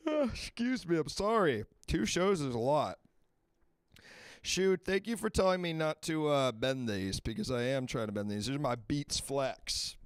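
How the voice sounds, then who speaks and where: Male stream host, casual and rambling, smooth voice in a dry room. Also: fairly high pitch, expressive, a little slow, no echo. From Washington, D.C. area. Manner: loose, rambling, swears freely. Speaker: livestream advice show host. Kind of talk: casual live-stream chat.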